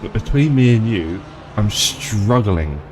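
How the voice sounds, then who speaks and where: A man's voice: on the low side, animated, slow pace, slight background noise. A man chatting casually and joking at his own expense while live-streaming a sim race. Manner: chatty, joking, self-deprecating. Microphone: desktop streaming mic.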